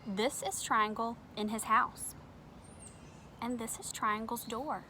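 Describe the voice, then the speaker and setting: Slow, bright-voiced woman reading to kids. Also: a little high, slight background noise. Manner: gentle, expressive, talks to young viewers. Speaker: children's book reader. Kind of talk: reading a picture book aloud to children.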